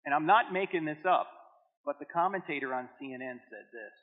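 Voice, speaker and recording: Animated fifty-something man preaching in an echoey hall. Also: on the high side, a little fast. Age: 50s. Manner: animated storytelling with jokes and acted dialogue. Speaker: Christian apologetics speaker. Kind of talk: church seminar talk. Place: church hall with audience. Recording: echoey hall on a tinny phone-like line.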